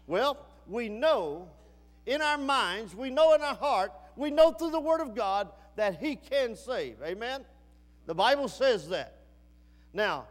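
A man preaching a sermon to a church congregation, rising and falling in pitch and slowing down to stress his points. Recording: long hall reverb.

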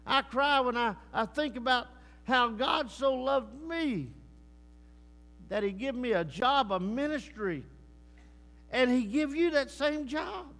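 A man preaching a sermon and telling a moving story, swinging between loud bursts and hushed lines. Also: extremely high pitch, animated, slow. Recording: long echoing church hall reverb.

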